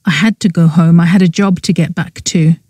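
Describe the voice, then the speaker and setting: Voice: medium pitch, steady tone, fairly quick, a little mellow, breathy edge, dry recording, clean studio sound, lightly acted. An audiobook narrator voicing a grieving young man who talks bitterly and in shock about a lost girlfriend. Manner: upset, bitter. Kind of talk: audiobook character voice.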